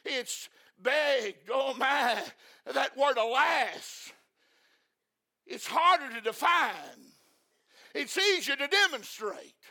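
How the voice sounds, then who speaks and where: A male preacher delivering an impassioned sermon, repeating phrases and breaking into shouts. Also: extremely high pitch, lively intonation, slow pace, pauses often.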